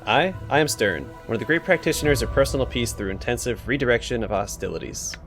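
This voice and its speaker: A man voicing a talking skull of a wizard-assassin, with a deep, jocular, scornful delivery. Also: expressive, fast, fairly bright tone, faint music behind.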